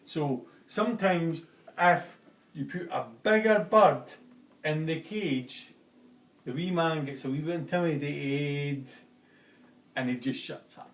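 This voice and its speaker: A man's voice: a little high, slow. A man doing a wary shopkeeper. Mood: advising. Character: wary Glaswegian male pet shop owner. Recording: roomy and distant home video.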